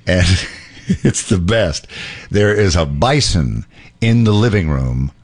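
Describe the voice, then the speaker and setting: A man's voice: sits low, lively intonation, slow pace. A man hosting a casual morning radio show, joking with guests and reading ad copy. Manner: jokey, laughs often, reads ad copy. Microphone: studio microphone.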